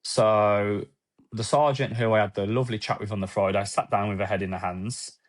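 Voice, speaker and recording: A man, a former police officer, gives a candid, emotional personal account in a podcast interview, with halting restarts, quoted dialogue and casual swearing. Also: on the low side, fairly even intonation.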